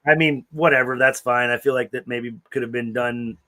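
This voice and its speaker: A man's voice: mid-range voice, steady tone, moderate pace, sharp tone. A man co-hosting a podcast, talking in a loose, ranting way and swearing a lot. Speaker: podcast co-host. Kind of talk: casual profane chat.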